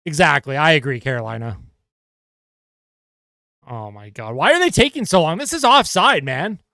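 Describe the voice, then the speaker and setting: A man's voice: on the high side, big pitch swings, normal speed, pushed and bright, no room sound, clean studio sound. A man streaming live fan reaction and play-by-play commentary, swearing and ranting about calls. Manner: exasperated, swearing, rants at calls.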